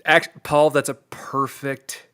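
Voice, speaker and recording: A man's voice: mid-range voice, level tone, slow pace, crowd noise. A man appearing as a podcast guest in casual chat, joking and teasing.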